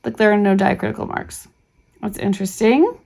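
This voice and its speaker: A woman's voice: medium pitch, a little fast, vocal fry, darkish tone. A middle-aged woman talking casually through a reading primer as a homeschool channel host, rambling with many fillers and restarts.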